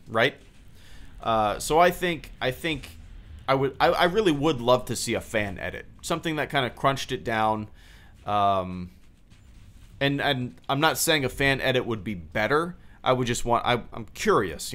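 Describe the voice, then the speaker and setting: A man's voice: mid-range voice, fairly bright tone. A man with an ordinary mid-range voice hosts a gaming live stream. He rambles casually, full of fillers and restarts, talking into a desk microphone. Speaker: streamer and channel host.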